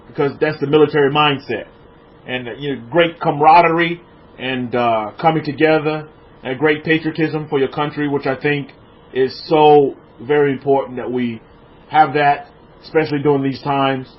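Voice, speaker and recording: Animated preacher man, lo-fi sound. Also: a little high. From United States. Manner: animated, repeats words, reads viewer comments aloud. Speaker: preacher hosting a livestream. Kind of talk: informal sermon with chat shout-outs.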